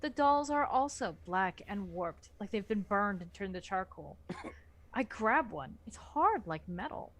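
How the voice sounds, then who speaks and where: A woman's voice: medium pitch, unhurried. A woman reading a horror novel aloud for a book club, narrating expressively. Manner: expressive narration with lively swings.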